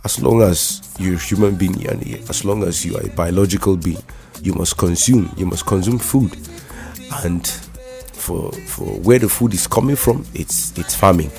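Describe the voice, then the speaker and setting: A Nigerian man with a very low voice co-hosts a casual radio talk show. He talks in halting stretches, restarting and repeating words as he goes, with faint music playing behind him. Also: darkish tone. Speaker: radio co-host.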